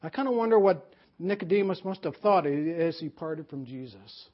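A man pastor preaching a sermon, swinging from loud emphasis to hushed near-whisper. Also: a little high, animated, normal speed. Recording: dull lo-fi sermon recording.

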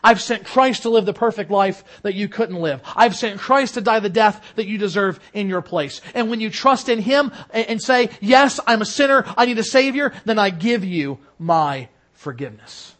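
Male pastor, middle-aged, high-pitched, preaching with rising and falling force. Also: moderate pace, few pauses. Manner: earnest preaching, swelling louder on key lines then dropping low. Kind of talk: sermon.

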